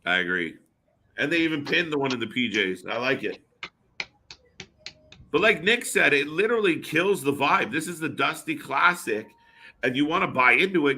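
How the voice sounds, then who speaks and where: Co-hosting a live stream watch party for wrestling, a man with a fairly high, expressive, sharp-toned voice chats casually. His talk is full of fillers and quick reactions.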